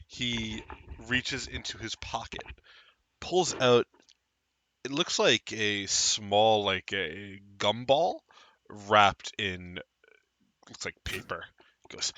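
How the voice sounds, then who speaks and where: A man narrating a tabletop game as game master, with animated, quick narration. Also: lowish voice, no echo.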